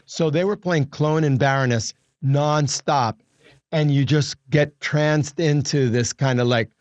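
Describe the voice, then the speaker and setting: A man's voice: fairly high pitch, a little slow, dry recording. A man in his seventies chatting as a guest, laughing easily and restarting his sentences. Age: 70s. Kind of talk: casual chat.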